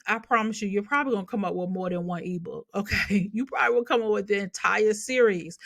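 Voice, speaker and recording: Woman host, chatty how-to talk, mid pitch, dry close sound. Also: pushed and bright, no room sound. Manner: chatty, repeats "okay?" to check in. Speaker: YouTube host. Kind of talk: casual tutorial talk.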